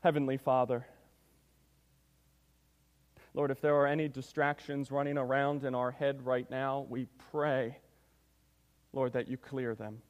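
A man's voice: mid-range voice, flat delivery, measured pace, long pauses, highs cut off. A man preaching a sermon as pastor, reading scripture and praying, with an emphatic delivery that often calls the listeners church. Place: church sanctuary. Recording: long reverb of a church hall.

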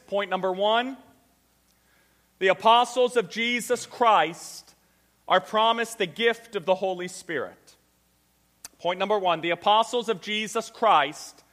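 A man preaches with a high, bright, forceful voice, driving his points home and repeating them slowly for emphasis. His voice rings out in a church sanctuary with long reverb. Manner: quiet, subdued prayer. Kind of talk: sermon with scripture reading and prayer.

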